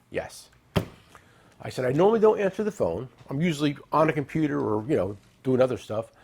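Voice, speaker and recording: Gravelly joking tool-dealer man. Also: on the high side, big pitch swings, quick pace. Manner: joking, rambling, salesy with asides. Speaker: tool dealer and show host. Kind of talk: casual product talk and storytelling.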